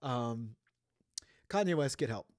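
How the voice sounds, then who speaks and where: A man's voice: medium pitch, expressive, slow, no echo, studio quality. A man hosting a casual pop culture news podcast, talking in a playful, chatty way. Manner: chatty, playful, jumps into sung sounds and silly voices. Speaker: podcast host.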